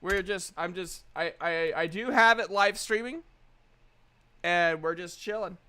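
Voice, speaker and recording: A man's voice: high-pitched, unhurried, pushed and bright, clean tone. A man streaming, chatting casually and rambling with fillers. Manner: rambling, many fillers and restarts.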